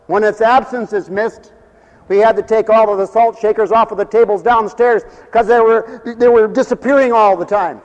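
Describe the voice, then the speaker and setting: In a church mission hall, a middle-aged or older man preaches a folksy sermon laced with jokes that builds into fervent hallelujahs. His voice sits high with a steady tone at a moderate pace, and the lo-fi recording echoes around the hall.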